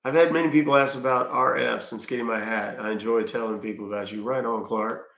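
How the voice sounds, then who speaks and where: Gravelly middle-aged man, blunt and casual. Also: medium pitch, steady tone, brisk, fairly bright tone, echoey room. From Texas. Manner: reads viewer questions aloud and answers bluntly, dry jokes. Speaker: livestream host answering chat. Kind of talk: casual livestream chat.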